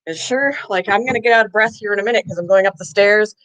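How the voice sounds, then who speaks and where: A woman's voice: mid-range voice, fast, a bit bright. A woman hosts a casual livestream from her home and talks in a loose, rambling way as she heads up and down the stairs. She is winded and breathing hard between phrases, with an occasional cough. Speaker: livestream host.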